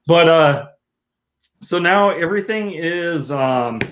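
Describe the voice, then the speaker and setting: Joking man telling a story with a higher voice. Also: takes it slowly, slight background noise. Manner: animated, joking storyteller who acts out quotes. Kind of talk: casual podcast storytelling.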